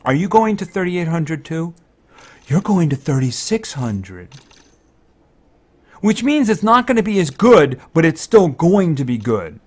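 Excitable man thinking aloud over a game. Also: fairly high pitch, unhurried. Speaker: let's-play commentator. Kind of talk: casual gameplay commentary.

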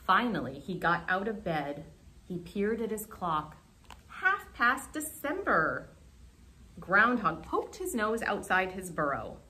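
A young woman, a children's librarian, reading a picture book aloud in an animated, expressive way during a remote storytime. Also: fairly low pitch, unhurried.

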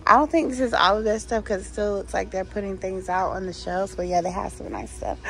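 A woman's voice: mid-range voice, fairly even intonation, fairly quick, hardly any pauses, fairly bright tone, rough recording. A woman vlogging casually as she walks through a store, chatting and gushing over holiday decor and reading signs aloud. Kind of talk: casual shop-along vlog. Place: inside a store.

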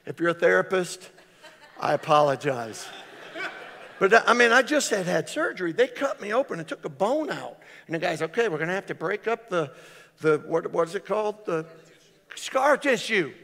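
Older man, pastor, lively joking sermon, highish voice, long reverb of a big hall. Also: normal speed, vocal fry. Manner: animated, joking storyteller acting out voices. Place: church sanctuary.

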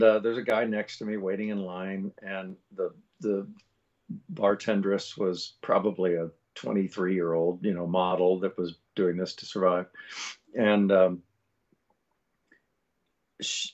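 A man's voice: fairly low pitch, darkish tone, highs cut off. A man, a voice actor guest, telling an anecdote in a rambling way. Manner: rambling, with many fillers and restarts. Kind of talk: storytelling anecdote.

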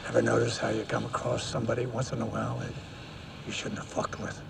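An actor playing a gruff, bigoted older war veteran who growls threats and insults. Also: male voice, medium pitch, flat delivery, fast, noisy background. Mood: scornful. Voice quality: gravelly growl. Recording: film audio with loud music.

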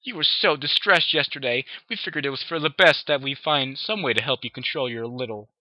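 A man's voice: mid-range voice, brisk, no room sound, voice pushed up, natural voice. Man playing a polite fussy unicorn lady, raised voice, dry muffled sound. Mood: genteel. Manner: polite, genteel. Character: refined prim female unicorn, fussy.

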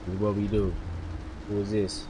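A man giving slangy, excitable live commentary on a horror game as a gaming streamer. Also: fairly low pitch, normal speed, noisy background. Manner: excitable, slangy, yelling when startled.

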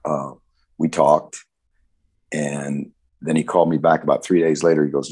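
A man in his sixties, a football coach telling stories in an interview, animated and full of restarts. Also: rumbling low, moderate pace, long pauses, breathy edge. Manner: animated anecdotal storytelling with frequent restarts. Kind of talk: storytelling interview answer.

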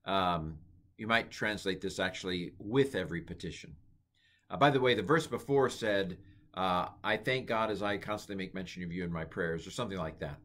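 A man giving a casual Bible Greek lesson, thinking aloud with many fillers and slowly repeating words to try out their pronunciation. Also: low-pitched. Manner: relaxed, thinking aloud with many ums and uhs. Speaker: Greek teacher. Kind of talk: informal Bible language lesson.

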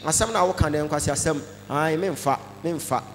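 A Ghanaian man preaching a sermon, animated, mixing Twi with English phrases and breaking into shouts. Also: on the high side, moderate pace, big-room sound, a little hiss or hum. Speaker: pastor.

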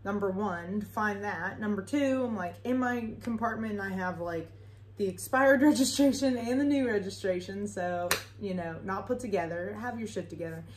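A woman's voice: mid-range voice, normal speed, slight background noise. A young woman telling a rambling, casual story with lots of fillers and frequent swearing. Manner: chatty, rambling, swears freely, filler-heavy. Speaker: vlogger. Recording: echoey room.

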